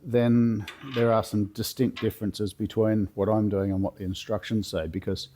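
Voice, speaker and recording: A man with a cold and a hoarse voice, talking through a car chassis rebuild step by step in a relaxed, plain-spoken way from his home garage. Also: lowish voice, moderate pace. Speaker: workshop builder demonstrating a chassis rebuild. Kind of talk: casual step-by-step how-to explanation.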